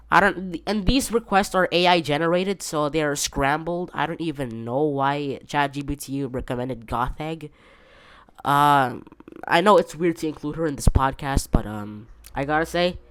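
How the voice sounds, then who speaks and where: A man's voice: on the high side, fairly bright tone, clear, resonant tone, no room sound. A man hosting a casual solo podcast from his bedroom, rambling with many fillers and restarts. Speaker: podcast host.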